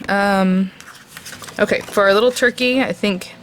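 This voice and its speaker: A woman's voice: medium pitch, fairly even intonation, unhurried, a bit bright, slight background noise. A woman hosting a craft video, chatting casually with many fillers as she shows supplies. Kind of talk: casual product review and tutorial.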